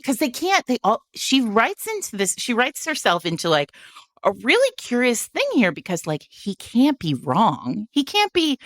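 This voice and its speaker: A woman's voice: a little high, normal speed, no echo, studio quality. A woman co-hosting a podcast, retelling a romance plot in casual chat, swearing freely and acting out the characters' lines. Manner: animated, swearing, acts out quoted characters. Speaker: podcast co-host.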